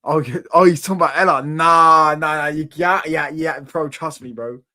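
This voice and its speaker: A man's voice: fairly high pitch, moderate pace, sharp tone. A young man, hosting a casual livestream and chatting with viewers in a rambling, slangy way, repeating himself and laughing often. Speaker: livestream host. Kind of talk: casual livestream chat reacting to viewer comments.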